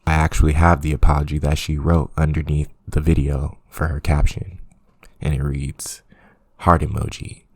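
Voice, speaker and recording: A man's voice: a bass voice, level tone, moderate pace, darkish tone, dry recording, studio quality. A man hosting a commentary channel, ranting sarcastically with frequent laughs and swearing. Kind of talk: casual commentary rant.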